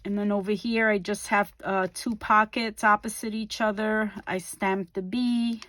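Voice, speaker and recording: Slow, relaxed woman narrating crafts. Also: medium pitch. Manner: relaxed and unhurried, with frequent ums and small self-corrections. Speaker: craft video host. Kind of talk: casual craft flip-through narration.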